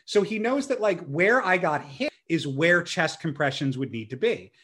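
Man, young adult, slightly high pitch, animated, self-mocking, casual storytelling. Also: normal speed. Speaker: guest telling a story. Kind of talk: casual storytelling in a podcast chat.

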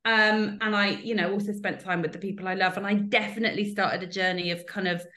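A woman's voice: medium pitch, steady tone, fast talker, sharp tone. A woman in her thirties from the UK talks openly on a podcast. She is self-deprecating and often laughs at herself. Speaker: podcast guest. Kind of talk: casual chat.

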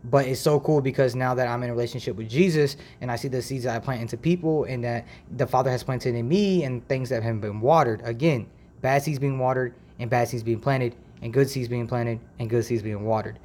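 A fairly quick-talking Ohio man with a mid-range voice hosts a laid-back faith podcast, rambling and full of slang. The recording uses a decent mic in a makeshift home setup.

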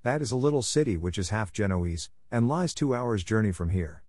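A man doing a kind bearded old gentleman. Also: on the low side, fairly quick, no room sound, studio quality. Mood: reassuring. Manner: calm, reassuring.

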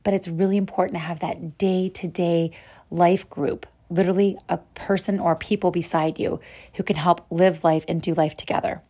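A woman's voice: on the low side, level tone, normal speed, dark tone. Earnest woman teaching a devotional. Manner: earnest, encouraging, addresses listeners as "sister friend". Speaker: podcast host and Bible teacher.

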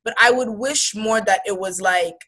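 A woman's voice: mid-range voice, normal speed, bright, forceful tone, slightly rough, poor audio. Woman chatting candidly, midrange voice, lots of likes and you knows. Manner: candid, conversational, many fillers. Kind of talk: casual discussion.

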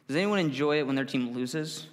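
A man's voice: medium pitch, fairly quick. Man preaching in a reverberant hall. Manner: conversational with self-corrections and acted-out quotes. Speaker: pastor. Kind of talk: sermon.

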